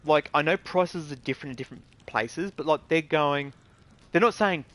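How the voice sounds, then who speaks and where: An Australian man rants about games in a casual, blunt and indignant way, swearing freely. His voice sits a little higher than most men's. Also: normal speed, a bit bright. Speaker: gaming video creator. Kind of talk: casual ranting commentary.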